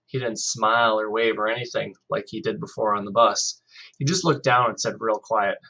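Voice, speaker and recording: Husky man reading a story aloud. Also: lowish voice, brisk, pushed and bright, low-quality recording. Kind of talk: storybook read-aloud narration.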